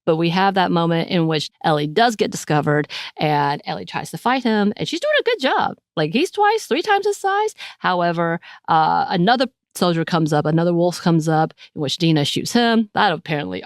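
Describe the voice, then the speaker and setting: A woman's voice: fairly low pitch, no room sound, studio quality. A woman co-hosting a podcast, chatting animatedly as she recaps a TV episode, often restarting her sentences. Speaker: podcast co-host. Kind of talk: casual chat recapping a TV episode.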